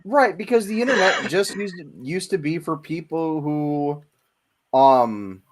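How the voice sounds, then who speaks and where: Man in his forties, slow-spoken, rambling with lots of ums; casual stream co-host. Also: fairly high pitch, animated. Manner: rambling, hesitant, lots of fillers. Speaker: podcast co-host. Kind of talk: casual chat.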